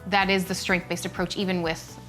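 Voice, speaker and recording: A woman's voice: fairly low pitch, fairly quick, faint music behind. A woman co-hosting a casual chat show, talking animatedly and acting out what people say in a shifting voice. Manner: animated, acts out quoted speech in a shifting voice. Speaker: podcast co-host.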